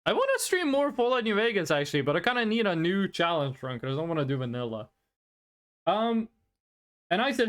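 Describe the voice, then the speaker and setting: A streamer in a casual live-stream chat, rambling and excitable and often repeating words. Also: mid-range voice, fairly quick.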